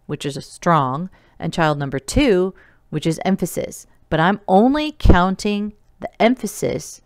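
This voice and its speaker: A woman teacher walks through a remote coding lesson slowly and patiently, counting things out step by step. Her voice sits low, smooth and clear. It is recorded dry and close, with no room echo.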